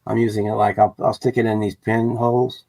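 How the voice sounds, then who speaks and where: Gravelly low man, dry close sound. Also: little pitch movement, brisk, mellow, dry recording, rough recording. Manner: practical, explains technique step by step. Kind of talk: casual explaining.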